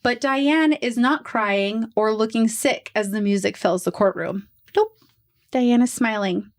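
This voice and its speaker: A fairly high-voiced woman hosts a podcast and tells a true crime story as a relaxed, chatty talk. Her delivery is animated, with quick asides. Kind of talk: casual storytelling chat.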